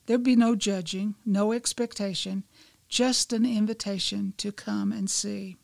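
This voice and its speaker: A woman reading a devotional she wrote, in measured, gentle storytelling with soft hushed passages. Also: medium pitch, steady tone, creaky, no echo. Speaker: devotional writer and presenter.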